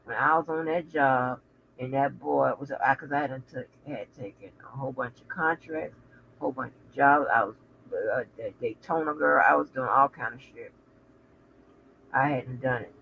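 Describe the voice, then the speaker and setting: A woman hosting a casual livestream, chatting with viewers in a sassy, profane way full of animated asides. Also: extremely low pitch, normal speed, vocal fry, muffled recording, a little hiss or hum. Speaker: channel host.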